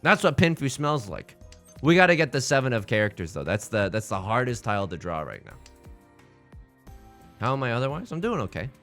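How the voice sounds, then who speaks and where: A man hosting a let's play, giving excitable, jokey commentary full of exclamations as he plays. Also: medium pitch, a little fast, faint music behind. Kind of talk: live gameplay commentary.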